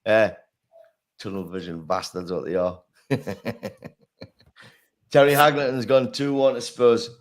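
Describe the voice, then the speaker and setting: A man's voice: mid-range voice, fairly even intonation, measured pace, pauses often. A man hosting a casual football chat, laughing often and swearing freely as he reads out predictions. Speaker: podcast host.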